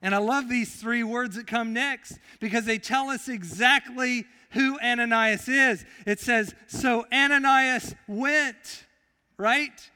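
A man with a high, bright, clean voice preaches slowly, telling stories with emphasis and swinging from loud to very quiet. The sermon carries the long reverb of a large hall.

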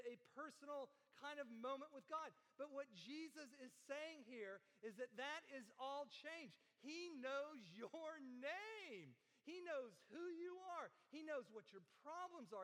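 A man's voice: very high voice, a bit bright, in a large hall, rough recording. A male pastor preaching a sermon to a congregation, earnest, repeating phrases and stretching key words. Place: church hall with audience.

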